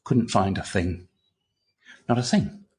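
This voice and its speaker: An older man with a low voice, chatting as a guest on an interview. He tells stories in an animated way, stumbling over repeated words and dropping the odd swear word. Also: slow. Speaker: guest, retired clinical psychologist. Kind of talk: casual interview storytelling.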